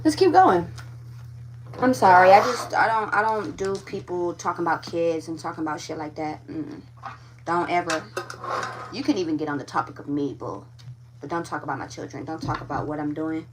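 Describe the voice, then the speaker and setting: A woman's voice: lowish voice, normal speed, distant mic, slight background noise. A woman giving a live tarot reading, talking frankly and with animation straight to her viewers. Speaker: tarot reader.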